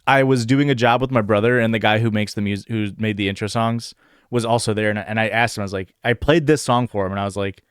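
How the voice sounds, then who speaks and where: A man's voice: fairly low pitch, fairly even intonation, fast, clean tone, no room sound, studio quality. A man hosting a podcast in a casual livestream chat, rambling and hesitant, full of "like" and "um" fillers. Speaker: podcast host.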